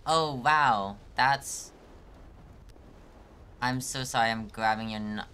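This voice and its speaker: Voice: medium pitch, fairly even intonation, slow, bright, forceful tone, slight background noise. A live streamer commenting on a hard climbing game, exasperated and self-mocking, joking about being about to cry.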